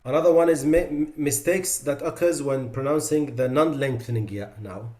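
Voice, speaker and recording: A man at a medium pitch leads a class on reciting the Quran. He steps through common pronunciation mistakes and slows right down to model each sound, often saying it twice. Between examples he talks in a relaxed, off-the-cuff way. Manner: explanatory, demonstrates pronunciations slowly and repeats them; loose, conversational asides with fillers. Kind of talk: online class lecture.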